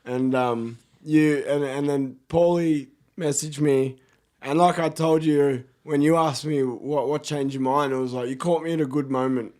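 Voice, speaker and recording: A man's voice: on the high side, steady tone, measured pace, a little mellow. A middle-aged Australian man chatting casually as a podcast guest, laid-back and swearing freely. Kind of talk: casual chat.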